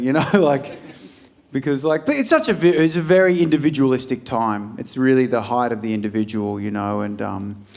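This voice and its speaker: An Australian man doing a stand-up set, swearing freely and acting out scenes from his stories. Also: medium pitch. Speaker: stand-up comedian. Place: comedy club stage. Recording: live room with a laughing crowd.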